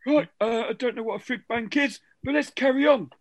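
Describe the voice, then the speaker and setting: A woman hosts a relaxed quiz, quick to tease and joke crudely with the players. Her voice sits high. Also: no echo. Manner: teasing, bawdy, laughing quizmaster. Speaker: quiz host. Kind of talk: casual podcast quiz banter.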